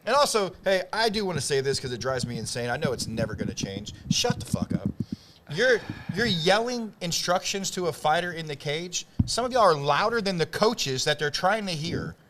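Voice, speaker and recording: A man co-hosting a podcast in casual chat, ranting in an animated, profane way. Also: a little high, moderate pace, background noise. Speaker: podcast co-host.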